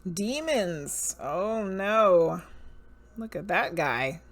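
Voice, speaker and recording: Slow, lively Southern woman streamer. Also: fairly low pitch. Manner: musing, reads card names aloud, chats with viewers. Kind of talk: casual livestream chat.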